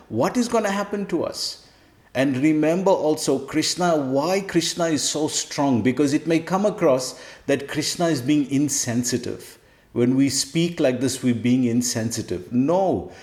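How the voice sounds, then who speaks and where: A man's voice: mid-range voice, darkish tone. Emphatic male preacher in an echoey room. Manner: emphatic, repeats key phrases. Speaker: spiritual teacher. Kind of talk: sermon. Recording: roomy echo.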